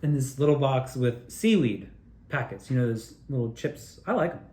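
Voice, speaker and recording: A man telling a rambling personal story, excitable and profane, often restarting his sentences. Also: mid-range voice, normal speed, echoey room. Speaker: video creator telling his own story.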